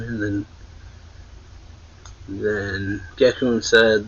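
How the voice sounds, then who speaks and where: A man's voice: lowish voice, flat delivery, takes it slowly, a bit bright, slightly rough. A man casually recapping a manga chapter, rambling and laughing often, on a muffled recording. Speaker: manga reviewer.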